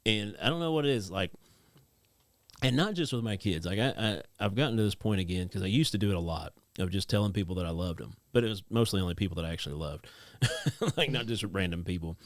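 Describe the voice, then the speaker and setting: A man's voice: deep voice, expressive, quick pace, no echo. A man in his thirties, a podcast co-host, telling rambling stories about his kids in casual chat. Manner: rambling storyteller, acts out his kids' voices.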